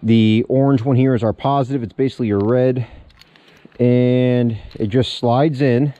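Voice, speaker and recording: A man in a casual how-to vlog, explaining step by step in a relaxed way while he works on his truck outdoors. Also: medium pitch, unhurried, no echo. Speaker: small business owner showing a truck equipment setup.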